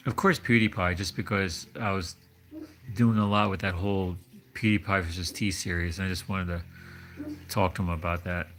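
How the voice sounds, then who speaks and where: A man hosting a casual livestream, rambling and hesitant, often restarting his thoughts. His voice sits low, with a faint hiss of noise behind it. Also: a bit bright. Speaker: livestream host. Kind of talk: casual chat.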